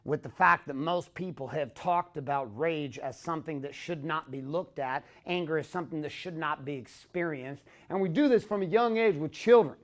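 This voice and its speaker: A man giving a fiery, profane motivational talk, bursting into shouts to drive his points home. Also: fairly high pitch, normal speed, few pauses. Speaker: motivational speaker.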